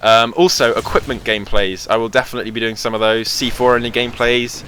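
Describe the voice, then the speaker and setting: A man's voice: medium pitch, fairly even intonation, fast, a bit bright, slight background noise. A young man chatting casually over gameplay footage as host of his gaming channel, rambling with lots of fillers. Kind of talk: casual game commentary.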